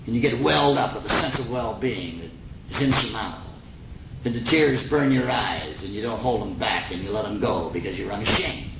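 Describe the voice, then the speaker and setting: A man's voice: on the low side, animated, fairly quick, gravelly. Middle-aged man, folksy earnest recovery talk, roomy muffled 1950s tape with hiss. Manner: folksy, earnest storytelling with slang. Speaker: AA speaker sharing his story. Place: meeting hall.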